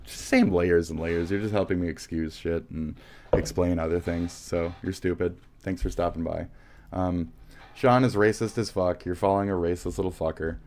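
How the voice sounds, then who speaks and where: An American man hosting a livestream, ranting angrily at chatters with heavy profanity. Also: deep voice. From United States. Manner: heated, profane, insulting chat. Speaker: livestream host. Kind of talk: angry livestream rant.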